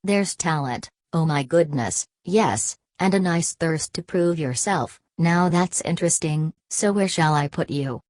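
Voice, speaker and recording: A woman voicing an old, wise male magic hat that speaks slowly and thoughtfully. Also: low-pitched, expressive, darkish tone, no echo. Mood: musing.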